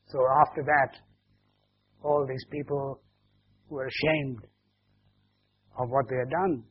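A man, a pastor, telling a children's story during a service, slowly explaining and asking the children questions as he goes. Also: medium pitch, husky. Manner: slow and explanatory. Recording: dull lo-fi recording.

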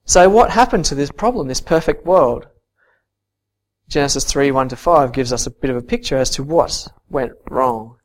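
A man preaching a sermon and reading scripture, earnest, swinging from soft to emphatic. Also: medium pitch, animated, moderate pace.

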